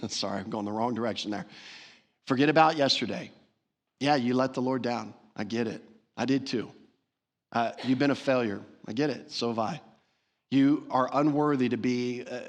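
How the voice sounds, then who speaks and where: A man preaching a sermon as pastor, earnest and emphatic, repeating phrases for stress. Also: mid-range voice. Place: church sanctuary.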